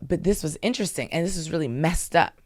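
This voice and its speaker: A woman in her thirties from Maryland, telling stories in a lively, animated way as an interview guest. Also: deep voice, quick pace, no room sound, studio quality. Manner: lively, animated storytelling with asides. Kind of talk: casual storytelling.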